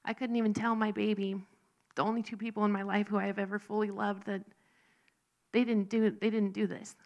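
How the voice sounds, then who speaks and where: A woman telling her personal faith testimony in an earnest, halting, emotional way. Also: medium pitch, little pitch movement, a little mellow, highs cut off. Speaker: speaker sharing a recovery testimony.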